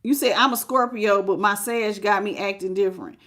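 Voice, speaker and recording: A woman giving a live-streamed tarot reading, talking in a casual, chatty and animated way and greeting viewers as she goes. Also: mid-range voice, a little fast. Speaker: tarot reader.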